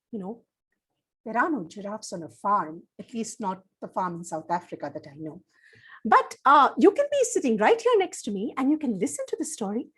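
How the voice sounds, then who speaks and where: A woman telling a story to children in an animated, sing-song way, coaxing them to join in. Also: high voice.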